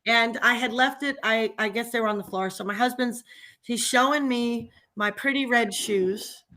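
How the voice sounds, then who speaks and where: Woman venting on a livestream, kinda high bright voice, laughs a lot, fired up. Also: normal speed. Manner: animated, venting, laughs often. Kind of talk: casual chat.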